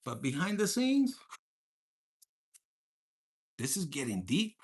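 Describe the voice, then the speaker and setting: A man doing a casual tarot reading to camera. He is crude and profane, jokes constantly, drops Spanish slang into his English and slips into quick mock voices of his listeners. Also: on the high side, expressive. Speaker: tarot reader.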